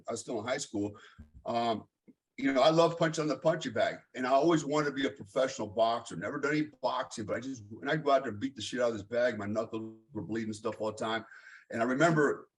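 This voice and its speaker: A middle-aged man from the United States telling his life story as an interview guest, blunt and swearing freely, with many fillers. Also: mid-range voice.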